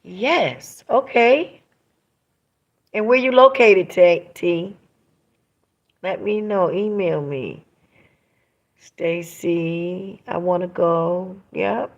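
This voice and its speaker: A woman's voice: on the low side, drawn-out words, long pauses, dull audio. Emphatic woman hosting a casual livestream. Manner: emphatic, retelling stories with quoted dialogue; reads and answers viewer comments aloud. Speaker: livestream host reading viewer comments.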